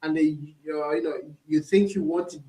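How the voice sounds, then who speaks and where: A man's voice: on the high side, steady tone, moderate pace, warm tone, echoey room. A man co-hosting a casual gaming podcast, laid-back and teasing, often repeating his words. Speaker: caster and podcast co-host.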